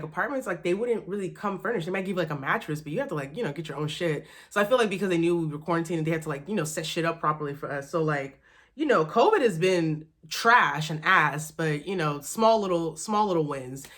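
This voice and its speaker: A woman's voice: low voice, a bit bright. A young woman from Texas chatting casually to camera in her small apartment, candid and full of fillers and swearing as she talks about starting work as a teacher. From Texas, USA. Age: young adult. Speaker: vlogger, new teacher.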